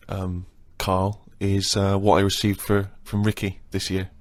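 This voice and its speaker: A man's voice: low-pitched, monotone, unhurried, over music. A man co-hosting a casual radio chat, teasing a friend in a dry, mock-aggrieved way.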